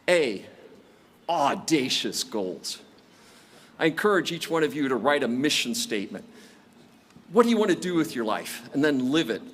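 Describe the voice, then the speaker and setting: A man's voice: medium pitch, fairly bright tone, slight background noise. A man in his sixties giving a commencement address, telling stories with self-deprecating jokes. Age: 60s. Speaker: commencement speaker. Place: large outdoor graduation ceremony.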